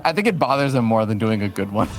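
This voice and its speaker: A man's voice: fairly low pitch, lively intonation, fast. A man co-casting a live strategy game match, trading playful banter and breaking down the play in detail. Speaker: esports caster.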